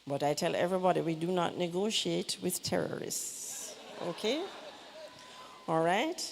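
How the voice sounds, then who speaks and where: A woman in her fifties with a Jamaican accent, a pediatrician giving a fast, direct health talk with joking asides. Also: lowish voice, creaky, noisy background. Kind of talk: lively church health talk. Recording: church hall reverb, faint ambience.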